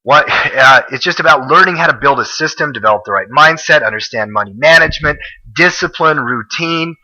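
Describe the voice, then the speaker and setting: A man hosting a podcast, talking with his guest in a relaxed, conversational way. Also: a little high, fairly quick, low-quality recording. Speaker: podcast host. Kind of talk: casual interview talk.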